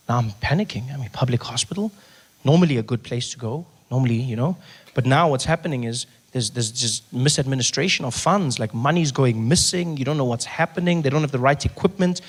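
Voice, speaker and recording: A male comedian doing stand-up, telling a story in an animated way with bursts of shouting. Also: mid-range voice, brisk.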